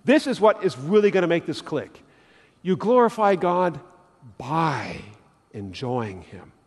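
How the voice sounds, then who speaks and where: A pastor preaching in a church sanctuary, his high, lively voice swinging up and down as he acts out everyday scenes. Long reverb from the room trails after each phrase. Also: a little slow, breathy edge. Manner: animated storytelling, acting out little scenes. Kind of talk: sermon.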